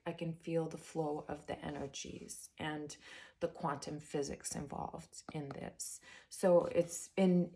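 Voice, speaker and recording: Woman, tarot reader and spiritual coach; unhurried, raspy-edged, chatty and excited with her viewers. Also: deep voice. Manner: chatty and enthusiastic, addressing viewers as guys; drops to a whisper while turning cards. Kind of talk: casual tarot reading chat.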